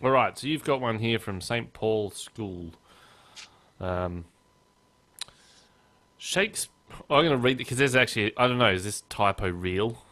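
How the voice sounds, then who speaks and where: Man, podcast host, fairly low voice, casual joking chat, playful read-outs. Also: unhurried, long pauses. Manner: relaxed, joking, reads texts aloud in mock voices.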